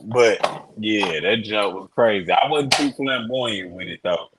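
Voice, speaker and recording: A man's voice: lowish voice, measured pace, heavy background noise. A man joking through casual podcast banter over a remote call. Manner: joking, lively delivery. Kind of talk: casual chat. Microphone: remote call mic.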